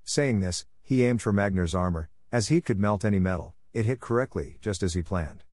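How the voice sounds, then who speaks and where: A man reading an action story aloud in a steady, plain narration. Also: on the low side, moderate pace, few pauses, no echo, clean studio sound.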